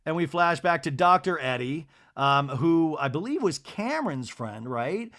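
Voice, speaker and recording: A man hosting a podcast with a lively, up-and-down delivery, chatting through a TV episode recap. His voice sits a bit high, and his tone is gossipy and animated. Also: measured pace. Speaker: podcast host. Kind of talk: casual TV recap monologue.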